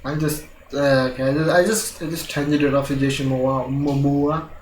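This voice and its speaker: A man's voice: mid-range voice, little pitch movement, normal speed, slight background noise. A young man from India, vlogging casually about his week, laughing often and swearing freely in a loose, rambling way. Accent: Indian English with British-leaning vowels. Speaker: gaming channel vlogger. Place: home room, recording near a window. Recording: echoey room with faint music.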